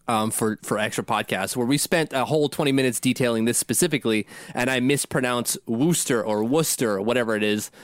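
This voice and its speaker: A man's voice: mid-range voice, quick pace, few pauses, dry recording, clean studio sound. A man co-hosting a casual sports podcast, rambling and poking fun at himself as he talks. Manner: rambling and self-deprecating, laughs at himself. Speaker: podcast co-host.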